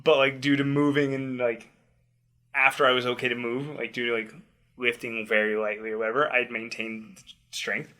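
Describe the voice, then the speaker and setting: A man who coaches tricking athletes shares a personal story in casual chat, animated and laughing often, swearing loosely. His voice is medium-pitched at a moderate pace.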